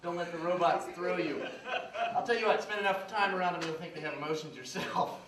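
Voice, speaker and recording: A man playing a smooth, pushy salesman in a live comedy sketch, with fast sales patter. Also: high voice, crowd noise. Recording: roomy stage sound from far off with hiss.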